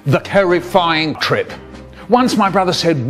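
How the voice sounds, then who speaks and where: A man's voice: on the high side, very animated, moderate pace, faint music behind. A man narrating an absurd comedic story in a jumpy way, now and then breaking into silly voices.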